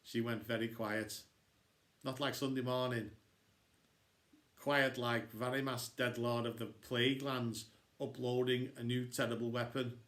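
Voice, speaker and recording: A man reading a children's novel aloud, expressive and switching into character voices. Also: medium pitch, a little slow. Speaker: storybook reader. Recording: echoey room.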